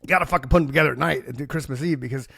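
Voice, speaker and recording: Fast-talking, profane rambling man. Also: medium pitch, vocal fry, sharp tone, slightly rough, no room sound, clean studio sound. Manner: rambling, profane comic storytelling with acted-out voices. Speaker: podcast co-host. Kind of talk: casual chat.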